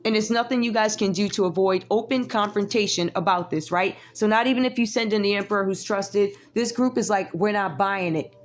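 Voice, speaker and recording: A woman's voice: mid-range voice, fairly quick, hardly any pauses. Chatty woman giving a tarot reading. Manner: chatty, sassy asides to viewers. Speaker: tarot reader.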